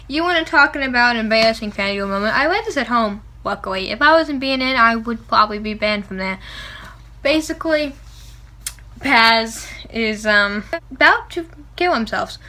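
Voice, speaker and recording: A young woman reviewing a book she loves in a casual vlog, excitable and gushing, often gasping, laughing and saying "like". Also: on the high side, fairly quick. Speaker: book vlogger.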